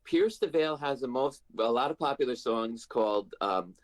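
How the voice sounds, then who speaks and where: A man's voice: mid-range voice, lively intonation, moderate pace, crowd noise. A man who is a member of a book club, chatting in a laid-back, joking way during a live stream. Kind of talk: casual chat.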